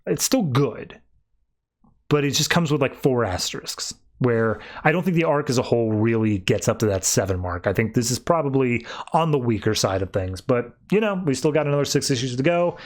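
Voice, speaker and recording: A man's voice: medium pitch, expressive, a little fast, faint music behind. Casual rambling man recapping comics. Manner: rambling, filler-heavy, quotes characters in a lifted voice. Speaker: podcast host reviewing comics.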